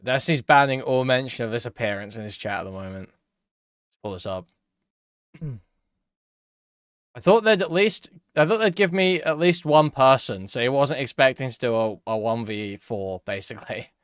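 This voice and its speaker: A man's voice: medium pitch, moderate pace, clean tone, no echo, studio quality. A man streaming live, giving casual commentary in a rambling, profane way while reading chat aloud.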